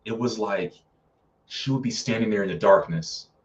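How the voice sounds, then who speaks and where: A man's voice: fairly low pitch, moderate pace, recorded from a distance, dull audio. A man reviewing films in a casual live stream, chatty and full of fillers, often acting out characters' lines. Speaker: film reviewer.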